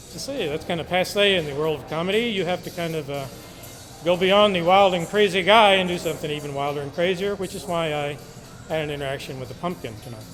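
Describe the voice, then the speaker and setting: An older man in his sixties answers casually, rambling along and stopping now and then to clear his throat. His voice sits a touch high for a man. Faint music plays behind him. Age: 60s. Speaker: comedy student.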